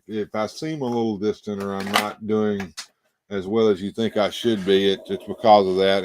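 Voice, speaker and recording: A man hosting a casual livestream, tired and out of breath, talking in halting, rambling bursts full of fillers and restarts. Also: lowish voice, a little hiss or hum. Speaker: livestream host. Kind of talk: casual livestream chat, reading viewer comments.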